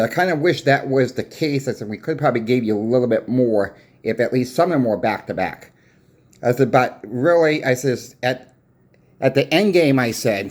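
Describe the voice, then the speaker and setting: A man's voice: medium pitch, a little mellow. A man who runs a coin shop, casually retelling an argument with a customer in a folksy, plain-spoken way, full of repeated "I said" tags. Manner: retells a dispute with many "I said" and "I says" tags. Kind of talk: casual storytelling vlog.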